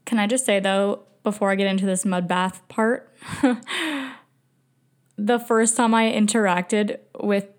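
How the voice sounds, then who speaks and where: A woman's voice: medium pitch, takes it slowly, pauses often. A woman hosting a podcast, telling a travel story in a chatty, emotional, self-mocking way, laughing often and filling her talk with "like.". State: migraine, speech slipping. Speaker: podcast host. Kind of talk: casual storytelling monologue.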